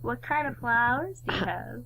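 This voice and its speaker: A woman's voice: on the high side, animated, moderate pace, gravelly, low-quality recording. A woman playing in a tabletop game, making joking, playful quips. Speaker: player. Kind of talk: casual chat. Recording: loud background noise.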